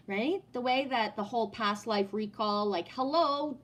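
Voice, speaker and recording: A woman's voice: a little high, measured pace, a bit bright. A woman talking casually on a home live stream, answering chat in a blunt, profane way and often asking "right?". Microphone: no headset, sound heard in the room.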